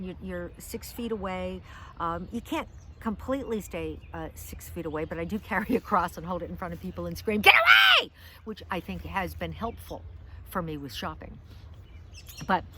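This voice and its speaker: A woman's voice: lowish voice, slight background noise. Rambling woman chatting outdoors in a park. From United States. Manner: rambling, self-deprecating, many fillers and restarts. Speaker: vlogger, comedian. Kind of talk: casual storytelling vlog.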